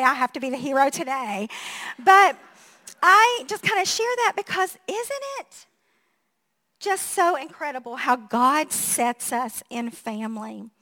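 A woman pastor in her fifties, preaching a sermon in a chatty, animated storytelling way, laughing often and acting out what people said. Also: high voice.

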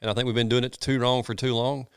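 A man's voice: mid-range voice, little pitch movement, fast, clean tone, no echo, clean studio sound. A man, a pastor talking in a casual chat, earnest and folksy, with many restarts.

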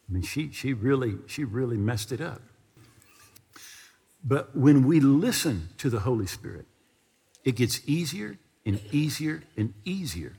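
Man, TV preacher, sermon, husky, reverberant hall. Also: mid-range voice. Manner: animated storytelling, leads viewers in prayer. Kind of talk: sermon with altar call.

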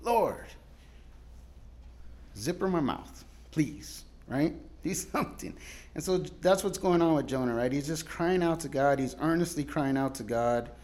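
A male guest pastor gives a sermon in a casual, storytelling style, laughing often and swinging between loud cries and quiet asides. His voice is on the high side, and he speaks at a normal speed.

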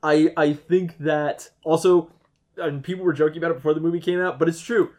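A man's voice: on the high side, steady tone, a little fast, a little mellow. A man in his thirties co-hosting a podcast, ranting about a movie in casual, profane chat full of "like". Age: 30s. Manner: ranting, profane, heavy use of "like". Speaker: podcast co-host.

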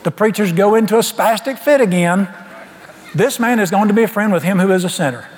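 A man preaching in a church, telling his story in a folksy way and acting out every exchange. His voice sits high and swings widely in pitch. The sound rings with the long reverb of a church hall. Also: brisk. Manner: folksy, animated storytelling, acts out dialogue. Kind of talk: storytelling sermon.

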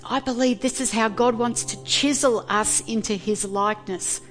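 A woman pastor giving a sermon, earnest and deliberate, pausing between phrases. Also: a little high, a bit bright, faint music behind.

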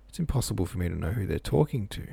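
A man reads a novel aloud in a low voice with a gravelly edge and a dark, mellow tone. His reading is plain, and his asides are offhand and casual, filled with "like". The sound is close and dry. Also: expressive, quick pace, no echo. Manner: offhand, says "like" a lot. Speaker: reader.

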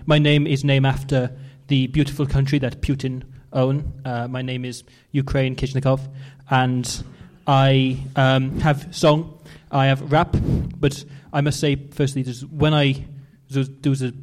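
A man playing a proud but awkward Russian Eurovision rapper in a put-on Russian accent, speaking halting broken English and then rapping fast. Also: medium pitch, level tone, a little mellow, natural voice. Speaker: comedian.

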